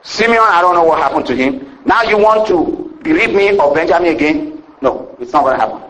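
A man's voice: on the high side, expressive, a little fast, fairly bright tone, voice pushed up, low-quality recording. A man voicing an elderly father in a retold story, in a plain and emphatic way. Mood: refusing. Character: grieving elderly father refusing his sons.

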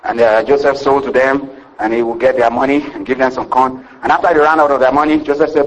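A man's voice: medium pitch, steady tone, fast talker, rough recording. A man preaching a sermon, retelling a scripture story in a rambling, conversational way with many fillers and calls for amen. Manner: asks the congregation for "Amen".

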